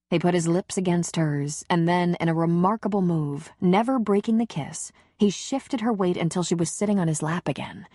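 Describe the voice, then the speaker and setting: A woman narrating an audiobook in a calm, even, intimate reading. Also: lowish voice, normal speed, no room sound, studio quality. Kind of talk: scripted narration.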